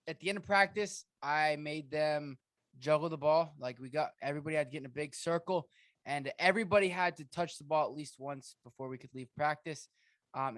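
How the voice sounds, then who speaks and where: An energetic man with a fairly high voice hosts a casual sports podcast, trading quick jokes with his co-host. The sound is close and dry, with no room echo. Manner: energetic, joking, quick banter.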